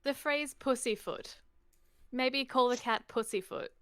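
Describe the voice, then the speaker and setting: A woman's voice: sits high, measured pace, fairly bright tone, clean tone, no echo, clean studio sound. An Australian woman rambling in casual chat as a stream guest, giggly and full of "like".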